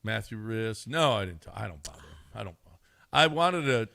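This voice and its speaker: A middle-aged man in casual sports radio banter, rambling and repeating himself, quick to laugh. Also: fairly low pitch, animated, gravelly, sharp tone, no room sound, clean studio sound. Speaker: radio show regular.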